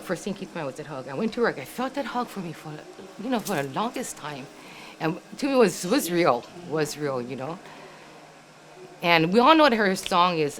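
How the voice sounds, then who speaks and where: An older woman, sharing an emotional family memory in a heartfelt, halting way, repeating herself and saying "you know" often. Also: low voice, fairly bright tone, a little hiss or hum. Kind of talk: emotional personal storytelling.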